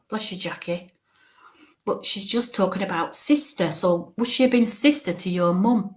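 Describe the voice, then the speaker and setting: A woman medium giving a live reading, speaking haltingly, searching for words, repeating phrases and often checking in with the listener. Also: medium pitch, darkish tone. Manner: searches for words mid-sentence. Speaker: spiritualist medium.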